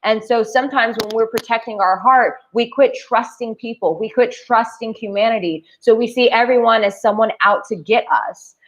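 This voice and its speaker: In Bali, a woman dating coach gives casual, emphatic advice straight to camera in a talking-head style. Her voice is on the high side at a normal speed with few pauses, on lo-fi sound, and she is chatty, packing her speech with "like" fillers.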